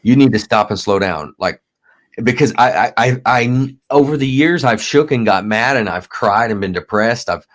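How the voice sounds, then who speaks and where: A man in his thirties in recovery, a guest talking candidly, halting and repeating words and swearing freely. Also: mid-range voice. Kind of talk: candid conversation.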